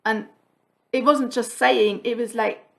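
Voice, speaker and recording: A woman's voice: fairly high pitch, fairly even intonation, measured pace, vocal fry. A woman vlogger telling a story in casual chat, laughing often and quoting what others said. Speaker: cross-stitch vlogger.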